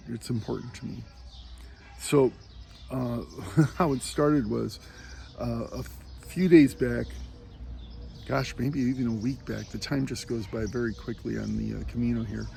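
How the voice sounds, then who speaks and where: Gravelly, mellow man rambling through a story. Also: mid-range voice, slight background noise. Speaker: pilgrim vlogger. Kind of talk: casual spoken meditation vlog. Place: on a walking pilgrimage route.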